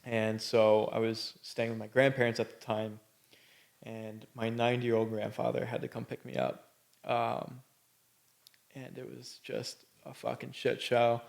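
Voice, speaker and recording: A man with a gravelly, creaky voice hosts a podcast and tells his own story. He talks bluntly and casually, drifting through fillers and swearing freely. His voice sits at an ordinary middle pitch. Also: little pitch movement, a little slow. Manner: candid and blunt, with frequent swearing; loose, rambling delivery full of fillers. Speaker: podcast host. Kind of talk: personal storytelling.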